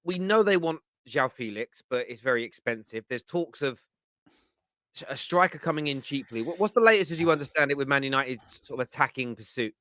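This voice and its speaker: A male football podcast host with a bright, forceful voice. He is recorded dry and close, and he asks his guest questions with eager energy. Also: mid-range voice, expressive, fairly quick, no echo. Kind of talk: casual podcast hosting.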